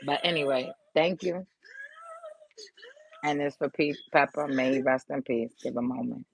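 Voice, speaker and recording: A vlogger speaks straight to camera in a loose, rambling way, swearing freely and drifting off the point. The voice sits at a middling pitch and sounds subdued and grieving. The recording is dry and close, with little room sound. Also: normal speed, gravelly, breathy edge, no room sound, rough recording. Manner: rambling, loose and profane, loses track of the thought. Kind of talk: casual to-camera vlog talk.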